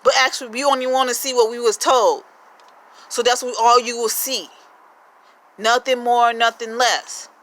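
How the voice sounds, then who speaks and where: A woman with a fairly high, bright and forceful voice delivers a rambling spiritual monologue to camera. She fires off rhetorical questions and peppers her talk with profanity. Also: fairly even intonation, moderate pace, rough recording. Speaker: spiritual vlogger.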